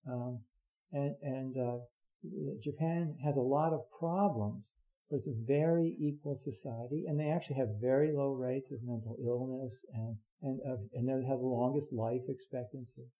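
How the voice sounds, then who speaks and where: An older man giving an earnest dharma talk as a Zen teacher, halting with many fillers and restarts. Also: mid-range voice, steady tone. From United States. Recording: dull lo-fi recording.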